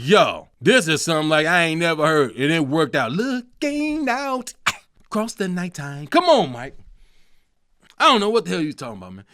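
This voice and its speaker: A man, hosting a comedic solo talk show, animated and profane, breaking into sung snippets. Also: high voice, no room sound, clean studio sound. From Chicago. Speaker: host.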